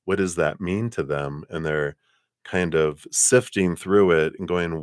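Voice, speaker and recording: Low-voiced laid-back male tarot reader. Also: steady tone, a little slow, no echo, studio quality. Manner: laid-back, chatty, laughs often, trails off. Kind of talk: casual live tarot reading.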